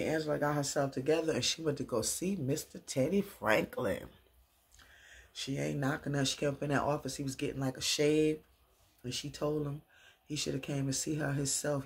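A woman's voice: rumbling low, steady tone, normal speed, darkish tone. A middle-aged woman recapping a TV episode in a chatty, slangy way, dancing around while she talks.

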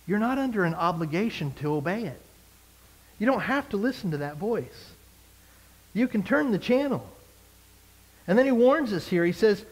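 High-voiced pastor preaching conversationally. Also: male voice, big pitch swings, moderate pace, rough recording. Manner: conversational, emphatic preaching with repeated phrases. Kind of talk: sermon. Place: church service.

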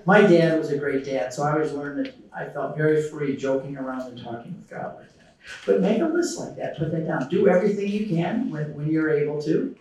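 A man's voice: on the high side, a little fast. A middle-aged man giving a conference talk and taking audience questions, telling stories and acting out quotes with animation. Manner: lively storytelling, acting out quotes. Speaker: conference speaker. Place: large conference hall. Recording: echoey hall from far off.

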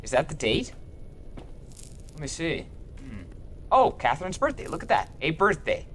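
A young man's let's play commentary, goofy and full of jokes and swearing. His slightly high voice bounces up and down, and faint noise runs underneath. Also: very animated, normal speed, fairly bright tone. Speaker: gaming youtuber.

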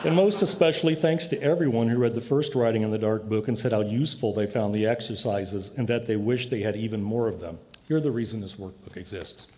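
A man's voice: lowish voice, fairly quick, hardly any pauses, noisy background. A man giving an acceptance speech, wry and grateful. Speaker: award winner.

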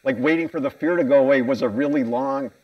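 A man's voice: mid-range voice, fairly even intonation, fast, far from the mic, muffled recording, crowd noise. An American man giving a conference keynote talk, candid and self-mocking, asking the audience questions. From United States. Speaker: conference speaker. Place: conference hall stage.

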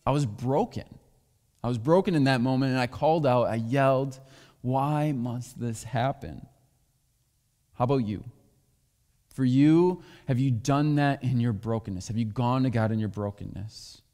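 A pastor speaks frankly from a church sanctuary, weaving personal stories into his sermon while the long hall reverb rings around him. He talks at normal speed in a dark, medium-pitched voice.

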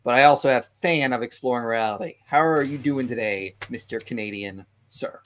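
A man's voice: mid-range voice, fairly quick, a bit bright. Male host, playful and jokey, running a casual video-call panel. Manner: joking, playful.

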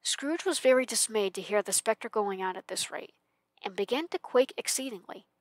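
A woman reading a classic story aloud for a library, with calm, measured narration. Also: mid-range voice, dry recording. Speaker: library reader.

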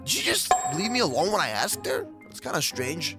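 A man's voice: a little high, big pitch swings, fairly quick, music in the background. A man hosting a Minecraft kids roleplay, talking in a jittery, rambling way. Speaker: roleplay channel host.

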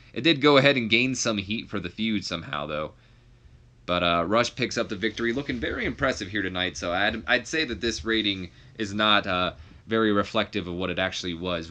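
A young man casually commenting on his wrestling simulation game and joking with his viewers, sometimes leaping high in exasperation. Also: bright, forceful tone. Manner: laid-back, jokey, swings up high when exasperated. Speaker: YouTuber playing a wrestling sim.

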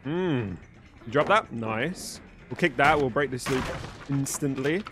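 A young man live-streaming a game, chatting with viewers in an animated, swearing, playful way. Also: mid-range voice, a little slow, music in the background. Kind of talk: live stream commentary and chat.

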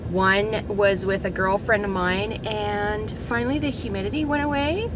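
A woman's voice: mid-range voice, normal speed, hardly any pauses. A woman in her thirties vlogging casually to the camera, rambling along with lots of fillers and restarts. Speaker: family vlogger. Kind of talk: casual chatty vlog. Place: inside a car. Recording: car noise in background.

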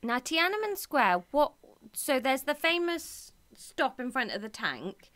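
A woman's voice: sits high, sing-song, measured pace, a bit bright. A woman in her thirties co-hosting a podcast, trading playful, teasing banter in casual chat. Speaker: podcast co-host.

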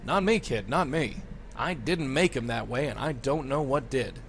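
A man's voice: mid-range voice, normal speed, creaky, fairly bright tone, slight background noise. An actor voicing a wisecracking 1930s male ghost guide in a video game, with tough-guy patter and a New York accent.

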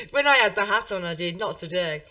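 Woman, Birmingham accent, podcast host, bubbly, lively swooping pitch, slightly distant mic. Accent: Birmingham English. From England. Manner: bubbly, laughs often. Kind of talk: casual interview chat.

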